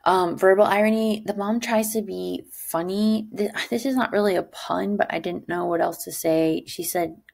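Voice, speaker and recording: A woman teacher talking her class through a lesson in an animated way. She keeps checking in with a rhetorical "right?". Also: normal speed, creaky, few pauses. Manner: acts out quoted lines with sudden pitch jumps.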